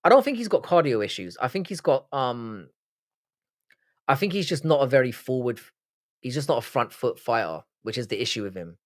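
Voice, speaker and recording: A man's voice: mid-range voice, very animated, a little fast. A young man from Cork with an Irish accent, hosting a casual livestream and answering viewer comments in a blunt, sweary, rambling way. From Ireland. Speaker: livestream host. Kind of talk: casual live-stream chat reading viewer comments.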